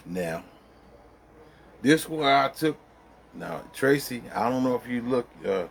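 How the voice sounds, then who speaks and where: A man's voice: medium pitch, lively intonation, slow, gravelly, slight background noise. A middle-aged man spinning a loose personal story straight to his viewers. His talk is colloquial and rambling, with many fillers, and he often breaks into laughter as he goes. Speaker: vlogger. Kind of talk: casual storytelling.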